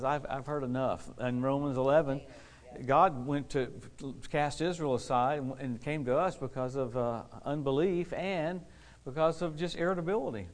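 Exuberant preacher man, slightly high voice. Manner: exuberant, laughs often, repeats key phrases for emphasis. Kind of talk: lively sermon with anecdotes. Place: church service with a responding congregation.

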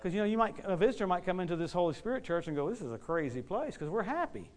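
A middle-aged man preaching a sermon, telling stories quickly and animatedly, acting out quotes and laughing along. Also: sits high, big pitch swings, a little mellow. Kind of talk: storytelling sermon.

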